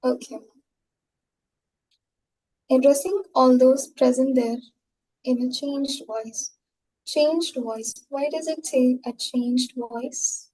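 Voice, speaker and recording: A woman's voice: sits high, fairly even intonation, slow, long pauses, warm tone, poor audio. A woman teaching an online class over a video call. She explains patiently and fills her talk with "um" and "like". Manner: explains patiently, full of fillers like "um" and "like".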